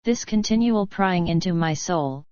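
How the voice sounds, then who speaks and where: Female narrator doing a hysterical young male drunkard, lowish smooth voice, muffled dry read. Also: unhurried, warm tone, no echo, lightly acted. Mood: pleading. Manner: overwrought, pleading outbursts.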